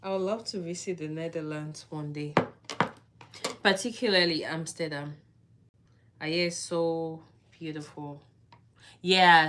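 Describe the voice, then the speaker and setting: Woman, livestream host, unhurried delivery, chatty, laughs often. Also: sits low, fairly even intonation, a bit bright. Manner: chatty, answers viewer comments, laughs often. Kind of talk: casual livestream chat with viewers.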